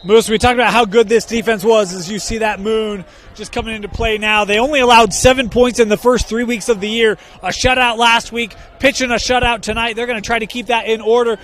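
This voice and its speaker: A man with a notably high voice calls plays in short, brisk bursts. Between downs he trades jokes with his partner. It is a live broadcast from a stadium press box. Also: steady tone, fairly bright tone. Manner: brisk play calls, bantering with co-host. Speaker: play-by-play announcer. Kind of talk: live football commentary.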